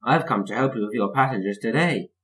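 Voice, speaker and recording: A man reading a storybook aloud and voicing a friendly but boastful male bus in a slow, drawling voice. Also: medium pitch, expressive, a bit bright, lightly acted, poor audio.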